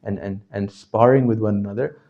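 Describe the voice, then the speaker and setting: A man teaching a class, constantly asking his listeners questions and checking that they understand, his voice jumping from loud to quiet. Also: on the low side, brisk, phone-quality sound. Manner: animated, swings from loud to quiet. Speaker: religious teacher. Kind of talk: interactive lecture to a class.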